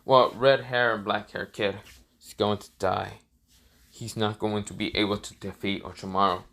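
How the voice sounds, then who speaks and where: Guy voicing a young ninja girl, low quiet muttering, kinda bright tone. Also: little pitch movement, normal speed, gravelly. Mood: doubtful. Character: cool young female ninja, wary onlooker.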